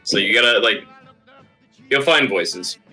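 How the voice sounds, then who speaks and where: A man's voice: on the low side, animated, measured pace, music in the background, low-quality recording. A man serving as game master, chatting casually in a rambling, easygoing way with lots of filler words. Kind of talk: casual table talk.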